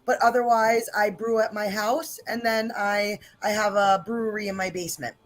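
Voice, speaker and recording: A woman narrating as game master for a tabletop game, chatty and quick to laugh. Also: medium pitch, fairly even intonation. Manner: chatty, laughing, voices characters loosely.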